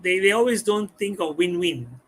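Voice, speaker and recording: Lively high-voiced man. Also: normal speed. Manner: animated, acts out customers' voices, repeats words. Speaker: guest speaker. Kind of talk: live-stream talk on communication skills.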